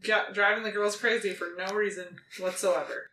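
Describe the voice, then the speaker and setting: A woman's voice: medium pitch, normal speed. A woman co-hosting a podcast, chatting casually about a book with a playful, joking manner. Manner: playful, jokey, animated storytelling. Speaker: podcast co-host. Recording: echoey room with faint background noise.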